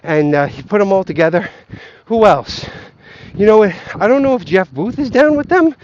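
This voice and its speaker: This young man's voice is high, animated and a little mellow, moving at a normal speed with no echo. He's a vlogger ranting outside near geese, cursing often and wandering between unfinished thoughts in a rambling, self-doubting way. The recording is muffled and lo-fi.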